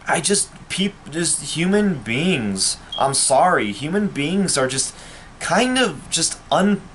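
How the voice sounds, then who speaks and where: Ranting at the camera, this man, a vlogger, sounds bitter, furious and foul-mouthed as he airs a personal grievance. He speaks at a medium pitch with a somewhat bright tone, over slight background noise.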